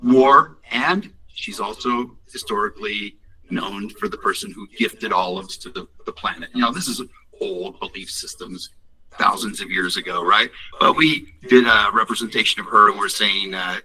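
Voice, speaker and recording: A man walks listeners on a call through his company's products in a loose, upbeat way, stopping and restarting often. His voice is very bright and sounds a little distant from the mic. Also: on the low side, moderate pace, a little hiss or hum. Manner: rambling, upbeat, many restarts and fillers. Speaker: company founder presenting products. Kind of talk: casual business presentation on a call.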